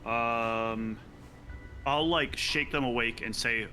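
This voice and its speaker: A man playing his character in a tabletop game, speaking briskly and with authority. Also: mid-range voice, pushed and bright, faint music behind, poor audio. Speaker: player.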